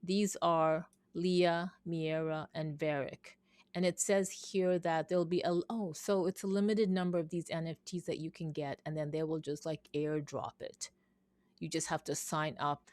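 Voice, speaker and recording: A woman's voice: sits low, little pitch movement, moderate pace, darkish tone, no room sound. A woman talking casually in a vlog, thinking aloud, rambling and reading things off her screen. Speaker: vlogger.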